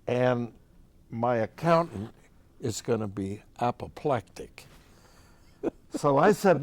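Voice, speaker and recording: Older man, interview guest, folksy storyteller, chatty, mid-pitched voice, dry close sound. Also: expressive, slow, long pauses, dry recording. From Oregon, USA. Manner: folksy, chatty anecdotes with restarts. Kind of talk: casual storytelling.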